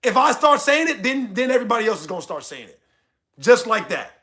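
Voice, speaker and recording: Young american guy ranting on stream, high and bright, cussing a lot. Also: a little fast. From United States. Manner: loud, animated, cussing rants. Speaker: streamer reacting to chat. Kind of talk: casual livestream commentary.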